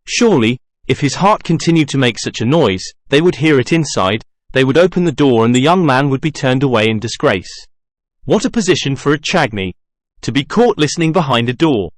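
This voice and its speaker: A man reading a classic novel aloud as a narrator, in an even, measured way with little character acting. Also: mid-range voice, no room sound, studio quality. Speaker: audiobook narrator. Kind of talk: scripted narration.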